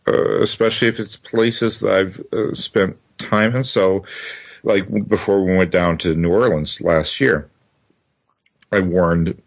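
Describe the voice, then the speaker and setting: Deep-voiced Midwestern American man. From Midwestern US, Minnesota. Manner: rambling, halting with many fillers. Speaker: podcast host. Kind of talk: casual chat.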